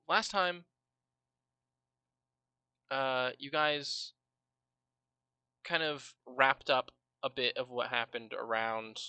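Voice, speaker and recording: A man's voice: mid-range voice, pushed and bright, clean tone, no echo. A man as game master, recapping a tabletop game on a livestream in a casual, rambling way, with swearing and many fillers.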